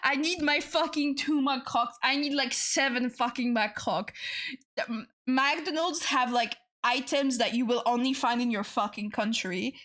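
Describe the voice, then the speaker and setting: A woman's voice: high-pitched, measured pace. Swearing French woman, casual streamer chat. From France. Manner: swears freely and laughs often, repeats herself when excited.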